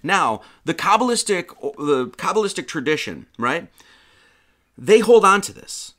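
A man's voice: sits high, sing-song, measured pace, a bit bright. A man hosting a livestream, giving a casual lecture in a mocking, slangy way. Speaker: livestream host.

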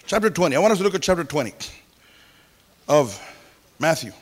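This pastor's sermon comes in a somewhat high, very lively voice at a brisk clip. Exclamatory and folksy, he breaks in with hallelujahs and "praise the Lord," spinning stories and mimicking music through sung syllables during the church service.

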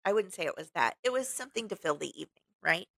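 A woman's voice: on the low side, quick pace, vocal fry, no room sound. A woman co-hosting a podcast in casual chat, talkative and laughing often as she tells stories. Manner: chatty, laughs often, animated storyteller. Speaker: podcast co-host. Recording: dry close sound, remote call.

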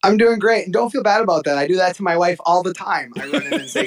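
A man who promotes wrestling shows, calling in as a guest on a podcast. He talks in an upbeat, energetic way, jokes about himself and is a little out of breath. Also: sits high, fast talker, poor audio. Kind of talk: phone-in interview. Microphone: phone call-in.

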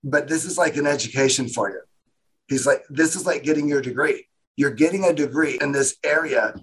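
Husky-voiced man telling his story. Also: a little high, a little fast, low-quality recording. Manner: rambling, animated retelling with quoted voices. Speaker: guest. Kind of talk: casual storytelling interview.

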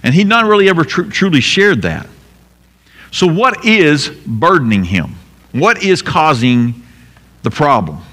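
A pastor giving an emphatic sermon, asking rhetorical questions and repeating key lines. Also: male voice, a little high, sing-song, unhurried, a bit bright, in a large hall.

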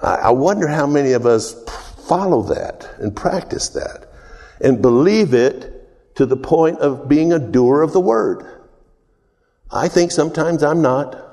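A man preaching an informal sermon, rambling and conversational, often pausing to ask the congregation questions. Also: fairly high pitch, lively intonation, dark tone. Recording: long hall reverb.

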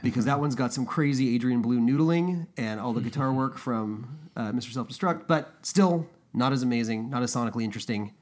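A podcast co-host chats casually and enthusiastically in a mid-range voice, talking a little fast with hardly any pauses. He fills his speech with fillers and keeps restarting his sentences.

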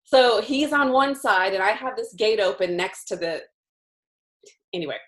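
A woman telling a ranch story in casual chat, animated and laughing often. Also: mid-range voice, measured pace.

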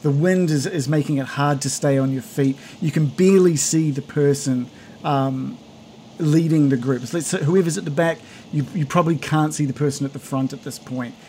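A man's voice: fairly high pitch, normal speed, warm tone, a little hiss or hum. A man narrating as game master, rambling and correcting himself as he describes the scene. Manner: rambling, self-correcting, chuckling.

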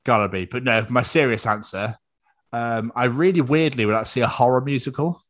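A man's voice: medium pitch, fairly quick. A man, a theatre actor, chatting as a podcast guest in a jokey, playful way. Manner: jokey, playful, slips into silly voices. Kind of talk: casual chat.

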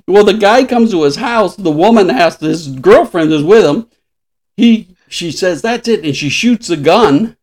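A man's voice: high-pitched, animated, unhurried, a little mellow. A man in his sixties, a podcast host, chatting casually and laughing often as he retells stories. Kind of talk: casual chat.

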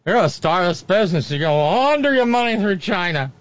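A man's voice: sits high, very animated, fast, no room sound, pitched above the performer's own voice. A man putting on a slurring, rambling woman TV pundit who stumbles over words in outrage, on slightly muffled audio. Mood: ranting.

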